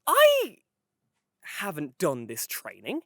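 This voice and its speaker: Excitable young man ranting. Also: high-pitched, a little fast, dry recording, clean studio sound. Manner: excitable rants, heavy swearing. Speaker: podcast co-host. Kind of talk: casual chat.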